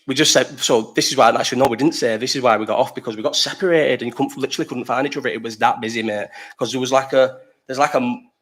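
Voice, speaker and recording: A young man with a Liverpool accent who hosts a casual live chat and tells rambling, sweary stories while reading the chat aloud. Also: mid-range voice. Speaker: livestream host.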